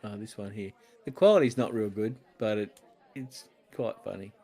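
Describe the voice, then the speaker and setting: An easygoing man co-hosting a casual pub chat about home brewing, joining over a video call. He talks in a relaxed way and laughs readily, with faint crowd murmur behind. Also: lowish voice, normal speed. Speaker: podcast co-host.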